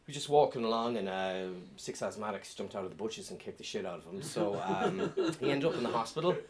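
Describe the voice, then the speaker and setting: A middle-aged man doing a deadpan stand-up comedy set on a club stage, with many ums and uhs. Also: on the low side, quick pace, a crowd in the background.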